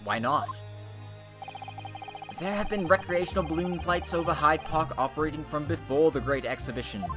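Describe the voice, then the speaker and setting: A man voicing a cold, aristocratic British prosecutor in a low, slow, condescending voice, over game music. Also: natural voice. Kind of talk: game playthrough voice acting.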